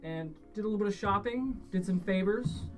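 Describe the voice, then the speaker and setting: A woman's voice: mid-range voice, brisk, recorded from a distance, over music, poor audio. A woman narrating as game master of a streamed tabletop game, loose and rambling with fillers and restarts.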